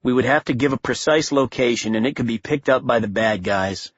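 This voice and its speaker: A tough Marine sniper who talks tersely and wryly, as a male narrator puts him on. The voice is husky, close and dry, and the recording is a little dull. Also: medium pitch, fairly quick, no room sound, close to an everyday voice. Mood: tense, wry.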